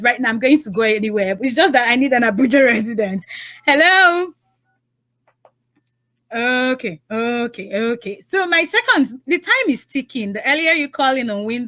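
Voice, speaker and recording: A young woman with a Nigerian accent runs a live call-in game on the radio, her voice high and bright with a sharp edge. She laughs often and teases callers. She slows right down for the phone numbers. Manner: repeats phone numbers slowly and clearly.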